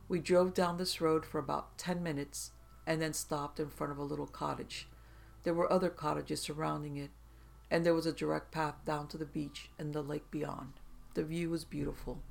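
A gravelly, fry-edged narrator in the middle of the pitch range, reading first-person tales aloud at a steady pace. The delivery stays even from line to line. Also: slight background noise. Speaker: storyteller.

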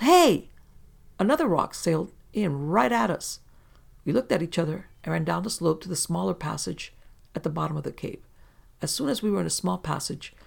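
A narrator calmly reading first-person encounter stories aloud in a steady storytelling delivery. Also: mid-range voice, gravelly.

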